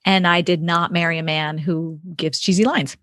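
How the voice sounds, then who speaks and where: A woman's voice: fairly low pitch, steady tone, moderate pace, fairly bright tone, no echo, clean studio sound. A woman co-hosting a relationship podcast, chatting and telling personal stories with frequent laughter. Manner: chatty, storytelling, laughs often. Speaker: podcast co-host. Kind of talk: casual chat.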